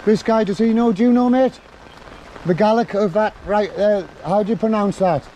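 A man with a Northern English accent, filming police outdoors in the rain and teasing them with cheeky, mock-flattering banter. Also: high voice, moderate pace, slight background noise, low-quality recording. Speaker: photography auditor filming police. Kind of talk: joking street banter.

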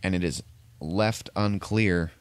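A male podcast host with a low, clean voice walks slowly through a film's plot in a loose, profane recap, captured in a dry recording.

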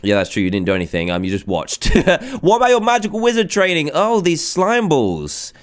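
A man hosting a video game let's play, excitable and chatty, exclaiming often. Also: fairly high pitch, brisk. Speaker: gaming video host.

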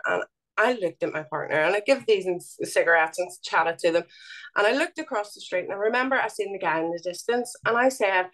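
Low-voiced Belfast woman, earnest. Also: a bit bright. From Northern Ireland. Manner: earnest, halting with fillers and restarts. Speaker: guest. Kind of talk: interview conversation.

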